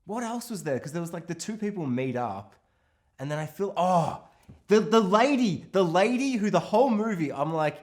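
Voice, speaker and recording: Lively, swearing man co-hosting a film podcast. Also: high-pitched, moderate pace. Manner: animated, swearing, acts out characters in quotes. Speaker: podcast co-host. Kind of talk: casual film discussion.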